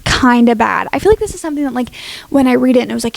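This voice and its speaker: A woman's voice: sits high, lively intonation, quick pace, creaky. A young woman casually vlogging her opinions, chatty and dramatic with lots of filler words. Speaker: book YouTuber.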